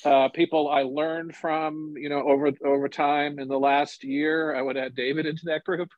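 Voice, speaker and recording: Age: 60s. Sex: man. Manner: storytelling, raised pitch. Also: normal speed, no echo. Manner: storytelling, animated, relaxed and reflective. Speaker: journalist and author, guest. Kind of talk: casual conversational interview. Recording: dull lo-fi sound, dry.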